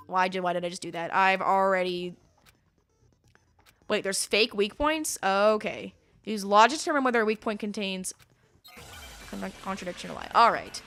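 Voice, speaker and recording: A woman's voice: mid-range voice, expressive, moderate pace, pauses often, a bit bright. A woman giving gaming commentary as she plays, chatty and swearing freely at the game. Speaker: let's play host. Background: game music.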